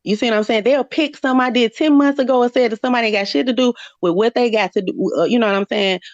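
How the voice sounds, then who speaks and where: Woman, higher voice, blunt, profane, insistent, heated argument, dull dry stream audio. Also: very fast, dry recording. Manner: blunt, profane, insistent, repeats "you know what I'm saying". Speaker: live stream panelist.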